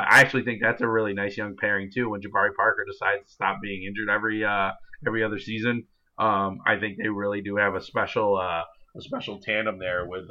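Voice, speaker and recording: A man in his twenties co-hosts a casual sports podcast, rambling with many fillers. His voice sits low yet bright and forceful. The recording sounds dull and lo-fi. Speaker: podcast co-host. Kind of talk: casual chat.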